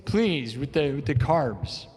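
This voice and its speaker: A man's voice: medium pitch, expressive, slow pace, a little mellow, husky. A man hosting a live music stream, rambling and joking in playful rants to his chat. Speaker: livestream host and improvising musician. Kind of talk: rambling comedic livestream chat. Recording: long reverb.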